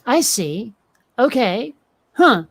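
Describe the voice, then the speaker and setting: A woman's voice: a little high, sing-song, slow, gravelly, dry recording. A woman in her forties hosting a casual chat, blunt and curious, asking pointed questions. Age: 40s.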